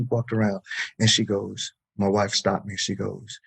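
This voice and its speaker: A man's voice: on the low side, little pitch movement, a little slow, creaky, fairly bright tone, slightly rough. A man, a therapist and podcast guest, telling a story in casual interview talk, emphatic, with many restarts, repeated words and swearing.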